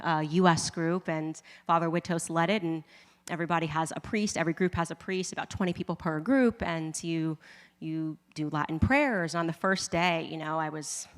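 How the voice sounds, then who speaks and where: Woman, fairly low voice, animated storyteller who laughs a lot, reverb-heavy room. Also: normal speed. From United States. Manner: animated, laughing often, acting out her own reactions. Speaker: commentator. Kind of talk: personal testimony storytelling.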